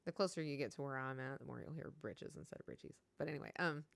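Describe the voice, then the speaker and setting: A woman's voice: a bass voice, quick pace, vocal fry, no room sound. A woman from Kentucky with a Kentucky accent, chatting casually on a stream and reading out chat, rambling and laughing as she talks.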